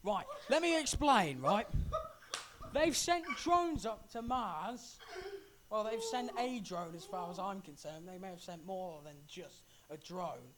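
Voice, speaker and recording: A man's voice: sits high, expressive, unhurried, crowd noise. A man co-hosting a casual podcast, explaining things emphatically in a lecturing way. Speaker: podcast co-host. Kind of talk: casual chat.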